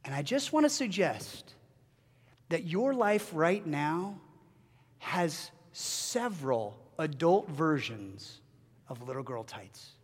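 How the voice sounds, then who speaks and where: A middle-aged man preaching a sermon, telling a family story with halting restarts and joking asides. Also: on the high side, breathy edge. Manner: animated storytelling with self-deprecating asides. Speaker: pastor. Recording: long reverb of a large hall.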